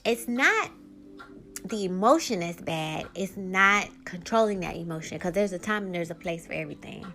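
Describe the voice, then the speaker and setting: A woman's voice: fairly low pitch, animated, normal speed, sharp tone, slight background noise. A woman hosting a solo podcast who talks in a candid, emphatic, rambling way. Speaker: podcast host.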